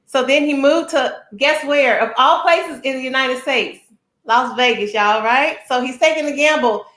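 A woman hosting a talk show, giving an energetic, chatty introduction and often asking her listeners "right?". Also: sits high, moderate pace, reverberant. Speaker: show host.

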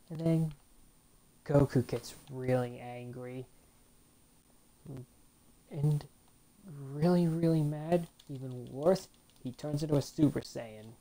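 A woman's voice: low-pitched, takes it slowly, long pauses, mellow, slight background noise. A woman host giving chatty let's-play commentary, reacting to a fighting game and reading its text aloud. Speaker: gaming channel host.

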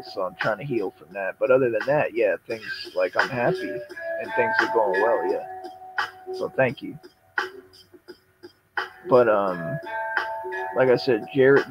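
A man on a livestream, confronting his viewers with a steady stream of profanity. His voice sits in a middle register, and the audio is dull and lo-fi. Loud music plays throughout. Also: mid-range voice. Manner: profane, confrontational, addresses the audience directly. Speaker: livestreamer addressing chat. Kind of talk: casual livestream rant.

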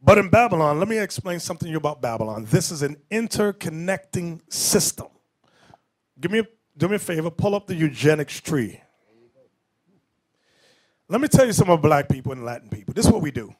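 A man preaching as a bishop, his voice set a touch high and swinging widely in pitch. He teaches in an emphatic lecture style and breaks off into off-the-cuff asides. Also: expressive, brisk, long pauses.

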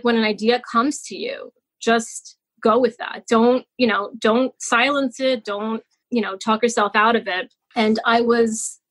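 On a poor-quality recording, a woman's fairly high, somewhat bright voice has a breathy edge. She's in her forties, a children's author guesting on a podcast, and she shares a personal story chattily and emotionally, often restarting and using fillers.

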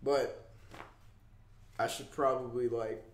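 A man's voice: steady tone, takes it slowly. Congested, upset man ranting, echoey room. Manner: swearing, swings from loud outbursts to low mumbles. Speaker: YouTuber. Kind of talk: emotional vlog rant.

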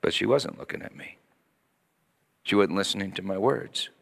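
A middle-aged man preaching a sermon as pastor, telling a story with lively acted-out voices and sudden hushed drops. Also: on the low side, moderate pace, creaky. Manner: animated storytelling, acting out voices, dropping to hushed tones. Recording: long hall reverb.

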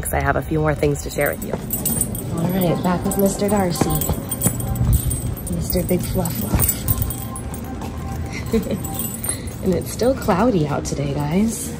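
A woman's voice: on the low side, measured pace, long pauses, loud music behind the voice. A young woman with a nasal, congested voice from a cold, chatting casually in her vlog and gushing to her dog. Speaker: vlogger.

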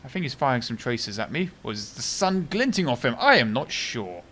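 A man giving chatty, sarcastic gameplay commentary, muttering one moment and bursting out loudly the next. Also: medium pitch, sing-song, a little fast, slight background noise. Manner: chatty and sarcastic, swinging from mutters to loud outbursts, heavy slang. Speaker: video game commentator.

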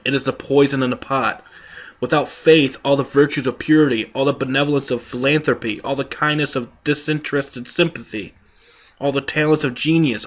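Male preacher, middle pitch, emphatic rhetorical sermon delivery. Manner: emphatic, rhetorical, with quoted voices. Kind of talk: sermon reading.

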